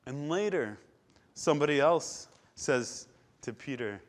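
A man preaching a sermon, retelling scripture with dramatic swings from loud declarations to hushed, quiet passages. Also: fairly high pitch, animated, moderate pace.

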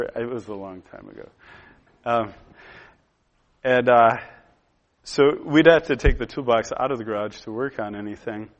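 A man in his thirties preaches to a gathered room, drifting into a personal story. He speaks in a mid-range voice, casual and halting, full of fillers and restarts. The recording sounds dull and lo-fi. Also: medium pitch. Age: 30s. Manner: conversational storytelling with frequent "uh" and "and".

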